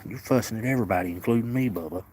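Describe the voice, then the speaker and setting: A man, casually live-streaming outdoors while feeding and softly coaxing the cats of a colony. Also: lowish voice, rapid-fire, noisy background. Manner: folksy, talks softly to the cats and coaxes them. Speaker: cat sanctuary caretaker streaming live.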